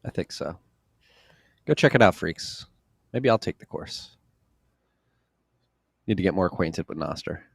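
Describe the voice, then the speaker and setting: A man's voice: low voice, expressive, unhurried, gravelly, pauses often, no echo, studio quality. A man hosting a podcast in casual, jokey chat, a little tired after a workout. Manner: laid-back, jokey. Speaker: podcast host.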